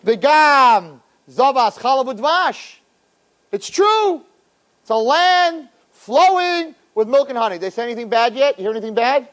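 A middle-aged man giving an animated Torah lecture to an audience, acting out quotes in funny voices. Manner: expressive, acts out quotes with big pitch jumps. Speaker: Torah teacher.

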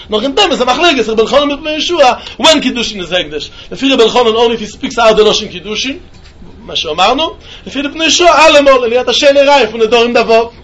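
A man teaching a Talmud lesson in a yeshiva style, with an animated singsong delivery. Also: very high voice. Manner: animated singsong, mixing Yiddish and Hebrew terms.

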